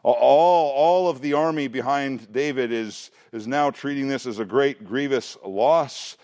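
A middle-aged man preaching through a Bible passage in a conversational, animated way with frequent restarts. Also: medium pitch, a little slow. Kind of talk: expository Bible teaching.

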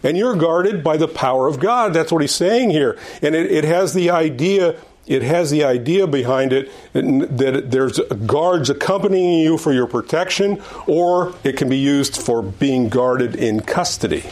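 This older man's voice is a little high and darkish, expressive and a little slow, with few pauses. He's giving a Bible lesson to an adult Sunday school class in a church classroom, talking conversationally, circling back on phrases, restarting sentences, and lifting his pitch and pace when he hits important ideas.

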